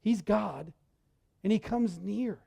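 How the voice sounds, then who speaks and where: A male pastor preaching a sermon in a church, talking in a conversational, animated way and often repeating words as he goes. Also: high-pitched, slow pace, vocal fry, slightly rough.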